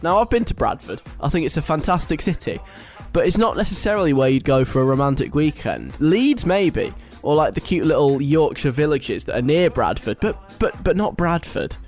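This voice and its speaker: A man's voice: fairly high pitch, big pitch swings, moderate pace, few pauses, darkish tone, soft background music. A young British man hosting a radio show, reading a list aloud and mocking it in a chatty, wry way. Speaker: radio host. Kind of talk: casual radio talk.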